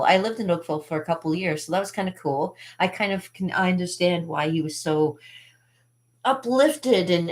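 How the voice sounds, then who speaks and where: A woman with a low, deep speaking voice who hosts a magic channel. She tells childhood stories in a loose, digressive way, laughing often and leaning on "uh" and "you know.". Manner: chatty, digressive, laughs often, many fillers. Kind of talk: rambling personal storytelling.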